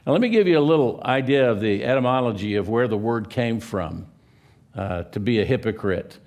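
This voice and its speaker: A man's voice: medium pitch, animated, a little fast, darkish tone. A man in his seventies from California, preaching a sermon in a church, telling stories with a joking, folksy manner. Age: 70s. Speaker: pastor. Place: church sanctuary.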